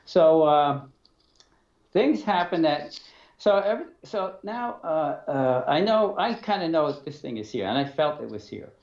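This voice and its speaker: A hesitant man, a guest in an interview, tells an eerie personal story in a slightly high, expressive voice. He halts often, filling gaps and restarting, and acts out the dialogue. The sound is dull and roomy.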